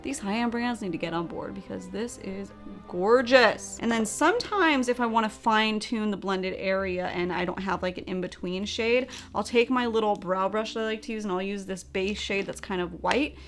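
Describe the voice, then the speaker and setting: A woman's voice: mid-range voice, moderate pace, faint music behind. A young woman narrating a makeup tutorial, bubbly and chatty, with playful sound effects as she works. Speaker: beauty vlogger.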